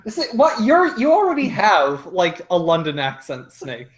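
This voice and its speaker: A man's voice: sits high, wildly swooping pitch, a little slow. A man chatting casually as a tabletop player, joking and often stumbling over his words. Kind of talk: casual game chat.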